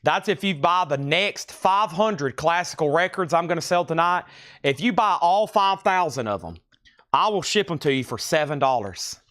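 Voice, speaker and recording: A man with a rural American country accent, hosting a live-stream record sale and calling out titles and prices in brisk patter with dry, joking asides. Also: fairly high pitch, lively intonation, a bit bright, no echo. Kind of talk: live auction sales patter.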